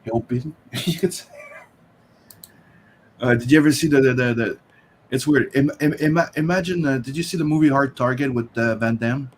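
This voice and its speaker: A man's voice: medium pitch, fairly quick, slight background noise. A French-Canadian man co-hosting an art livestream, casually greeting viewers and chatting with fumbling restarts. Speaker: co-host.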